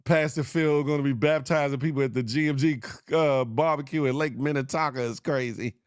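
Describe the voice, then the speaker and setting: A man hosting a casual morning commentary show, joking and laughing while he riffs on the news and shouts out viewers by name. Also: mid-range voice, steady tone, fairly quick, smooth, dry recording, clean studio sound. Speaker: host.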